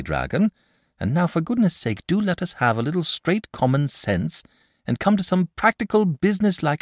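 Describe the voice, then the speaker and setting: A man voicing an eager, blunt village boy who talks briskly and impatiently, in a storybook reading. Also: mid-range voice, no room sound, clean studio sound, voice pushed up.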